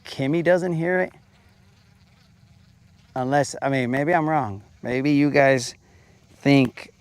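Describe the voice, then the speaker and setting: A laid-back man hosting a fishing show from a boat on a lake, talking slowly and jokingly. His voice sits mid-range with a gravelly, creaky texture. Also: medium pitch, no room sound. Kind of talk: casual fishing commentary.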